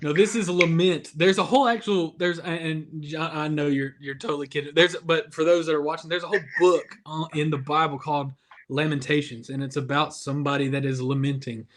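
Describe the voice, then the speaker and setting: A man's voice: on the high side, fairly even intonation, a little fast. A man hosting a casual youth devotional over a video call, chatty and self-deprecating. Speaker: youth ministry devotional host.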